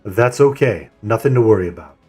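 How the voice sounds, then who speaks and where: A man on voice chat leading a game raid, calmly explaining a plan and handing out tasks. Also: on the low side, a little fast, faint music behind. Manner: calm, methodical, assigns tasks. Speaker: raid leader and streamer. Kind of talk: voice chat while gaming.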